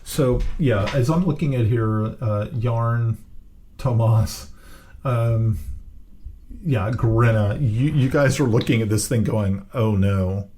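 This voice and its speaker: A man running a tabletop game as dungeon master, narrating slowly with many pauses and fillers. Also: mid-range voice, mellow, a little hiss or hum.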